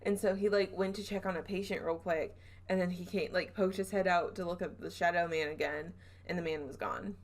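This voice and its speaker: A young woman from the southern United States hosts a casual podcast, retelling a spooky story. She sits a little lower in pitch than most women. She giggles and restarts her sentences as she goes. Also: fairly even intonation, fairly quick. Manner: chatty, giggly, trails off and self-corrects. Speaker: podcast host.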